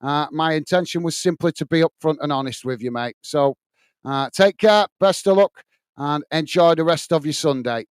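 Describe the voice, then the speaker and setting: English man, match watch-along host, blunt and upfront, smooth clear voice, slightly high, dry close mic. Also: normal speed, no echo. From England. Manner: blunt, upfront, addresses viewers as mate. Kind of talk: live match commentary and chat reading.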